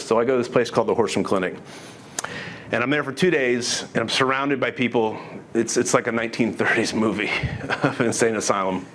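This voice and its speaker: Before an audience, a middle-aged man recounts his testimony quickly in a mid-range, somewhat bright voice over a slight hiss or hum. His delivery is earnest and conversational, full of restarts and quoted dialogue.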